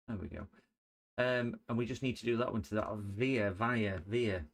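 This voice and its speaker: Man, middle-aged, lowish voice, jokey rambling chat, livestream repair commentary. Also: normal speed, gravelly. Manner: jokey, rambling, sings and hums to himself. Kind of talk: casual chat while working.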